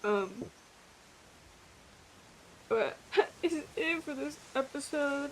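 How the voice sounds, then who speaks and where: A woman's voice: on the high side, animated, takes it slowly, pauses often, a little hiss or hum, low-quality recording. A woman hosting a casual let's-play video, emotional and near tears, with flustered, giggly talk that stumbles over repeated words. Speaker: gaming channel host. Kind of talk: casual gameplay commentary.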